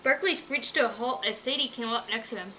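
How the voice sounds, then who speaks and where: A woman reading a children's story aloud with an expressive, animated delivery. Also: a little high, fast, slight background noise, low-quality recording.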